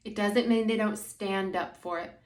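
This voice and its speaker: A woman's voice: medium pitch, steady tone, moderate pace, echoey room. A woman acting as a spiritual guide, talking casually and rambling with many "like" fillers. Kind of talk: spiritual monologue.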